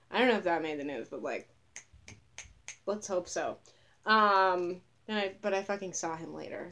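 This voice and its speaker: A woman vlogger talking casually to camera, rambling and swearing with a sarcastic edge, sounding tired. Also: on the low side.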